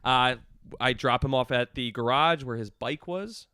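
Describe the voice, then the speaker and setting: A man in his thirties telling a story in casual chat, animated and acting out the people he quotes. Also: medium pitch, measured pace, smooth, no room sound, clean studio sound. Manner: animated, acts out quoted dialogue. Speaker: guest, clinic staff member.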